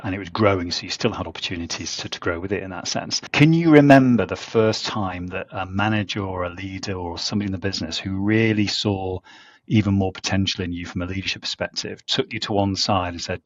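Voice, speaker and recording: A man's voice: low voice, fairly even intonation, fairly quick, no echo, muffled recording. A man hosting a podcast, asking long, curious questions of his guest. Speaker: podcast host. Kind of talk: interview questions.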